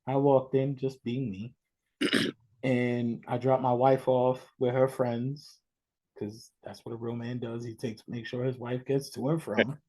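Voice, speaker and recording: A man from New York hosting a podcast, chatting casually and telling stories in an animated, excitable way. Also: medium pitch, unhurried. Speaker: podcast host. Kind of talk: casual interview chat.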